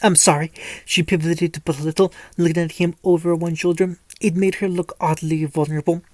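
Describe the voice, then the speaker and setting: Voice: medium pitch, level tone, fairly quick, warm tone, no room sound. A narrator reading a fan-fiction story aloud, with frequent stumbles and restarts. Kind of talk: storytelling reading with light character voices.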